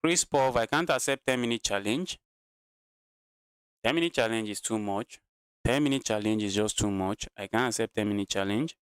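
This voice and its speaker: A man's voice: on the low side, moderate pace, clean tone, no room sound. A man commentating his own live chess games, talking to his chat and repeating phrases while he plays, sounding tired. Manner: repeats himself, talks to chat. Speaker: chess streamer.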